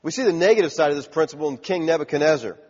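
A man's voice: fairly high pitch, racing, breathy edge. A man preaching a sermon in an emphatic, conversational way, heard on a dull recording in a large church hall with a long echo.

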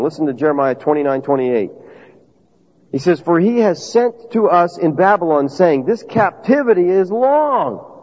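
A man preaching a sermon in an emphatic, conversational way, putting questions to his listeners. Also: sits high. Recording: dull lo-fi audio with long reverb.

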